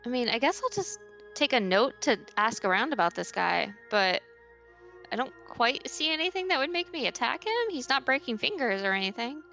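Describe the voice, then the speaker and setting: A woman with a high voice chats as a player in a tabletop game. Her pitch jumps around a lot as she talks. She keeps leaning on fillers as she thinks aloud. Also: big pitch swings, moderate pace, gravelly, pushed and bright, faint music behind. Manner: chatty, uses lots of fillers like 'like'. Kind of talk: casual tabletop game chat.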